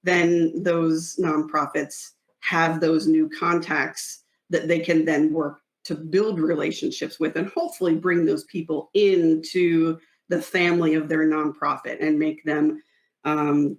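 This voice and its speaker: A woman on a podcast as a guest who advises nonprofits, explaining in casual chat with pauses and restarts. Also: low voice, little pitch movement.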